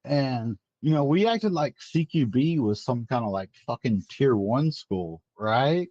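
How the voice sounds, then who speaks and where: A man's voice: medium pitch, expressive, measured pace, darkish tone, no room sound, muffled recording. A young man, a former Marine, swapping profane, laughing war stories in a casual chat.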